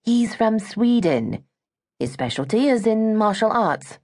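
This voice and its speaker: A woman's voice: mid-range voice, sing-song, measured pace, darkish tone, pitched above the performer's own voice. A woman voicing a sheltered, earnest young British woman in an audiobook.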